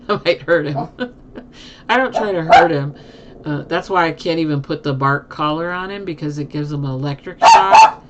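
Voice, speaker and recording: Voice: mid-range voice, measured pace, long pauses, dull audio, very noisy. A live streamer chatting casually with viewers from a home desk, laughing often.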